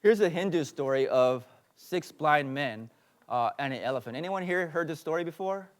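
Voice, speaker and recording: A man's voice: on the high side, animated, moderate pace. Earnest man teaching a sermon. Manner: earnest lecturing with fillers and asides. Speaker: pastor.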